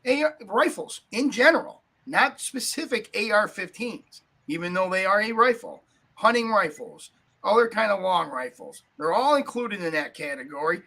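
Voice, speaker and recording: A man's voice: sits high, animated, normal speed, bright, forceful tone, poor audio. A man hosting a talk podcast, ranting angrily about politics with lots of swearing and a habit of asking "right?". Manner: angry, profane, keeps asking "right?". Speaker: podcast host.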